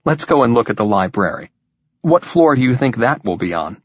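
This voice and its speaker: A man voicing an easygoing, teasing husband with relaxed, dry humor. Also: medium pitch, brisk, no echo, muffled recording.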